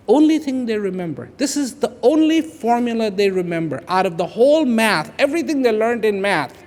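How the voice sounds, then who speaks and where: Man, fifties, high lively voice, echoey large hall, repetitive emphatic speech. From India. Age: 50s. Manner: repetitive, emphatic, swings from hushed to loud. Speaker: public speaker. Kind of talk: inspirational speech to an audience.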